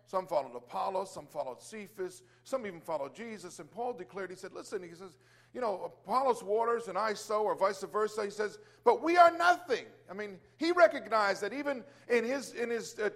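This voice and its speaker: A man's voice: sits high, animated, a little fast, fairly bright tone. A man telling a casual faith testimony about praying for a client, rambling with many restarts and fillers and exclaiming Hallelujah. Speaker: Christian business owner sharing testimony.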